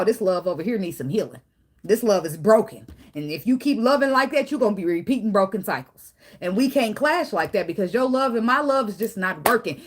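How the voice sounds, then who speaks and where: A woman giving a casual tarot reading, blunt and profane, talking straight to the viewer. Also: mid-range voice. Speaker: tarot reader.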